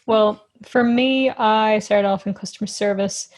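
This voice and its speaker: A woman's voice: mid-range voice, fairly even intonation, measured pace, darkish tone. A young woman co-hosting a podcast, easygoing with dry humour and steering the casual chat. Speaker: podcast co-host.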